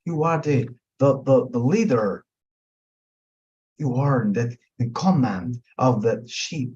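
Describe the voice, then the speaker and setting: A man's voice: mid-range voice, takes it slowly, darkish tone, highs cut off. A man teaching mediation in a webinar, with an emphatic, repetitive delivery that stretches out key words. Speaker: mediation instructor.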